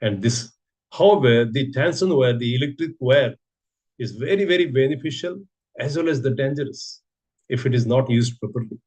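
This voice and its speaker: A man's voice: mid-range voice, lively intonation, normal speed, darkish tone, breathy edge. A man giving a sermon, telling a story and asking rhetorical questions. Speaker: preacher giving a scripture class.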